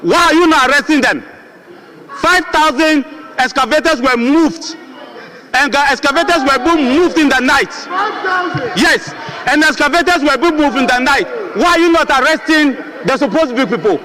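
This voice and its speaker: A man's voice: very high-pitched, moderate pace, a crowd in the background, low-quality recording. A man with a Ghanaian accent, a member of parliament, making an impassioned, accusatory debate speech that hammers the same questions again and again. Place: parliament chamber.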